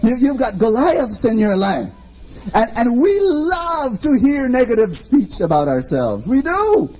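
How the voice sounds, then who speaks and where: A man's voice: very high voice, very animated, a little slow, darkish tone, rough recording. A man preaching a sermon, emphatic and repetitive, with lots of rhetorical questions and dramatic storytelling.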